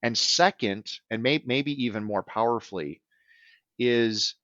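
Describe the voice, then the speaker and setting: A man who works as a business transition advisor answers podcast interview questions earnestly, often checking in with "right?". His medium-pitched voice is unhurried and a bit bright, and the audio is dull with no echo.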